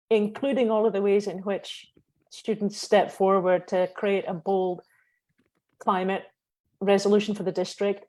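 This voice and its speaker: A woman panelist on a video call, speaking hesitantly with many pauses and restarts. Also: mid-range voice, a little mellow.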